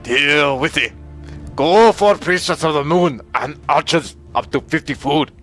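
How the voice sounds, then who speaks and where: A man putting on a mock Mongolian accent to voice a gruff, angry man reading out a strategy. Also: a little high, measured pace, fairly bright tone, faint music behind, pitched above the performer's own voice. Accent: put-on Mongolian accent. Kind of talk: comic voice reading a viewer's message.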